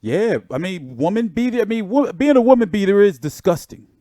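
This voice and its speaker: A man's voice: sits high, animated, fairly quick, warm tone, no echo, clean studio sound. A man hosting a boxing channel, talking in a rambling, laid-back way with lots of fillers. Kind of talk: casual livestream commentary.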